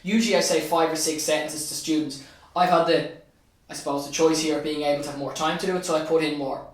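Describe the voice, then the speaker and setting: The voice is a man's, fairly high and steady in tone, moving at a quick pace, with heavy reverb from a distant mic. He is an Irish teacher and state examiner running an exam revision tutorial, taking students through an answer stage by stage, shifting between Irish and English and repeating key phrases.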